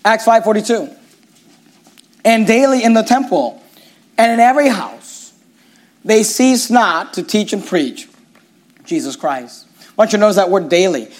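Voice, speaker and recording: A man's voice: high-pitched, darkish tone. A middle-aged man, a pastor, preaching a sermon with emphatic, repetitive phrasing.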